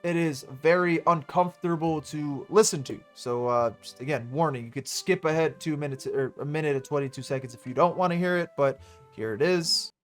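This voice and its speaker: A man's voice: on the high side, brisk, soft background music. A man hosting a react channel, giving sarcastic casual commentary with swearing. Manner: sarcastic, swearing, laughs between words.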